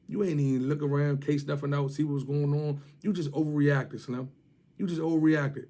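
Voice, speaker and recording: A man's voice: a little high, level tone, moderate pace, mellow. A man with a Washington DC area accent, ranting and mocking someone to camera in heavy street slang, repeating his jabs. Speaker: vlogger.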